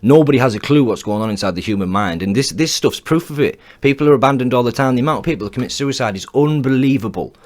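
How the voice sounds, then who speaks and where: A man talks over clips in a blunt, heated reaction rant at an ordinary middle pitch. He swears freely and circles back over the same points, his voice rising as he gets angrier. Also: animated, quick pace, hardly any pauses, a little mellow. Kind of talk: ranting reaction commentary.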